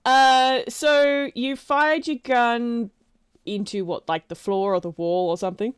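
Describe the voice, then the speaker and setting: A woman game master narrating a tabletop session at a slow, unhurried pace, stopping often for ums and little laughs. Her voice is high-ish, smooth and clear. It is heard close and dry. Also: fairly even intonation, dry recording. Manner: halting, full of fillers and laughs. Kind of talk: running a tabletop game over a call.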